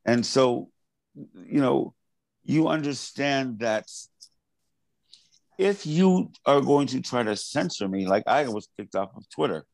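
A man's voice: medium pitch, lively intonation, slow pace, creaky, pauses often, a little mellow, no room sound, poor audio. A male artist in an interview, speaking earnestly and with passion, often restarting and repeating words. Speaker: artist guest. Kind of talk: interview conversation.

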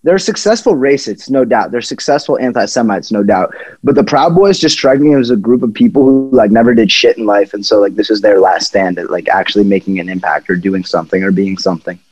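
A man's voice: lowish voice, brisk, darkish tone, breathy edge. Sarcastic man co-hosting a podcast. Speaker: podcast co-host. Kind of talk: casual chat.

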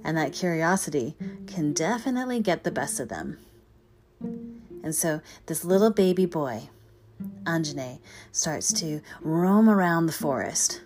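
A woman telling a myth in an expressive storytelling voice that sometimes drops to a whisper. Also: sits low, unhurried. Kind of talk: dramatic storytelling. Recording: guitar music behind.

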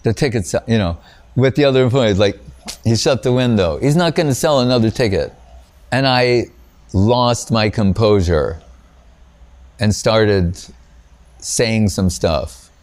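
Rambling through stories in an informal spiritual talk, this teacher keeps saying "you know," cutting himself off to start again and laughing at his own tales. His voice is on the low side and darkish, a little slow, with frequent pauses.

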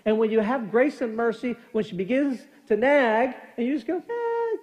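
A middle-aged man preaching a sermon as pastor, telling animated family stories and acting out quoted lines. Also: extremely high pitch, normal speed. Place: church sanctuary. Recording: long church hall reverb.

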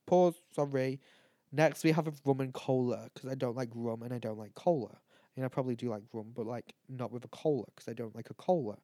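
Brisk and mellow, a medium-pitched man talks with no echo in a studio-quality recording. As a tipsy podcast host, he rambles and swears while casually ranking canned cocktails, laughing at his own remarks.

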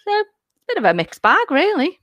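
A middle-aged woman, a celebrant and hypnotherapist, chatting as a guest in a lively, jokey way. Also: extremely high pitch, brisk, dry recording. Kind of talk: casual chat.

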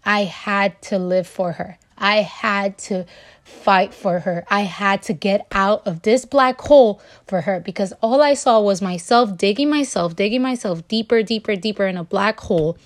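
A woman's voice: medium pitch, moderate pace. A young woman, a new mother, tells in an earnest, emotional way how she climbed out of postpartum sadness, often restarting and repeating words. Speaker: new mother sharing her story. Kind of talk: personal testimony vlog.

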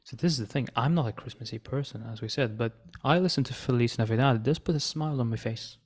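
A man co-hosting a casual podcast, with a dry, teasing, deadpan wit. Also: mid-range voice, quick pace. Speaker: podcast co-host. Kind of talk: casual chat.

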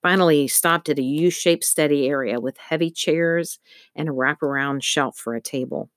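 Low-voiced woman narrating a storybook. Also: normal speed, dry recording, studio quality. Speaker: audiobook narrator. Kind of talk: scripted narration.

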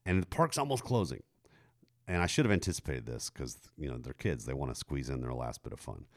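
A middle-aged man, telling a story in casual chat, jumping high in pitch when he quotes a woman. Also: animated, fairly quick. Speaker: podcast co-host telling a story.

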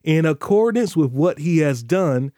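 A man delivering a podcast sermon in a warm, mellow voice, a little high for a man. He preaches emphatically and drags out key phrases when he stresses scripture. The recording is dry and close, with no room sound. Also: animated, a little slow, no echo. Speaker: pastor.

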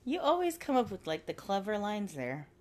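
A woman's voice: medium pitch, big pitch swings, normal speed. Chatty woman recapping an episode. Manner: chatty, acts out the characters' lines. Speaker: podcast host.

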